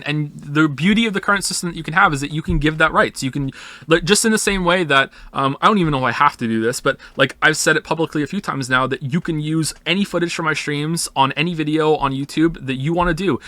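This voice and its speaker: A man's voice: a little high, fast, sharp tone, no echo. A man streaming casually, rambling and swearing as he answers chat, sometimes acting out imagined voices. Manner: rambling, profane, emphatic; acts out imagined voices in quotes. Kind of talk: casual chat responding to viewers.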